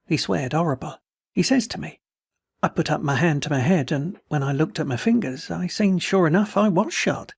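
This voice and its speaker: A man's voice: fairly high pitch, creaky, slightly rough, no echo, clean studio sound, exaggerated voice. A man voicing a wounded, tattered male soldier who rambles in a folksy, slurred, way. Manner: folksy, pleading, words slurred.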